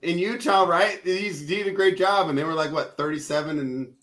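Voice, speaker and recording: A man hosting a casual sports betting chat, teasing his panel and laughing loudly. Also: a little high. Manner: laughs loudly, teasing, quick back-and-forth. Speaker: host.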